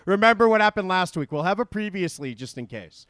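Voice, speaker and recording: A man hosting a playful, animated livestream chat and reading donations aloud. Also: high voice, fairly quick, dry recording, clean studio sound. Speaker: podcast host.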